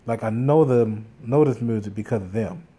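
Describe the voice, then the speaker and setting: A man's voice: fairly low pitch, normal speed, mellow, breathy edge. A man telling a casual, rambling story, swearing often and full of fillers and restarts. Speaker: podcast host.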